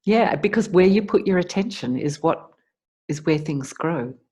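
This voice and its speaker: Woman arts coach, low mellow voice, patient step-by-step explainer, video call sound. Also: animated, moderate pace. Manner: explains step by step, acting out client dialogue. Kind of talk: online forum talk.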